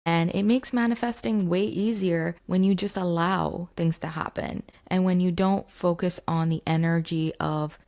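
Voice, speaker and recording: Woman, mindset coach, casual storytelling, lots of fillers, low pitch, gravelly fry. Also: darkish tone. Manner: chatty, frequent fillers. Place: home basement.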